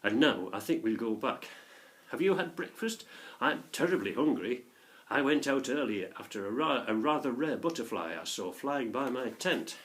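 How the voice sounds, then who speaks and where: A kindly older gentleman , voiced by a man reading aloud, speaks in a calm, gently soothing way. His lively tone rises and falls as he explains. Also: mid-range voice, normal speed, husky. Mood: reassuring.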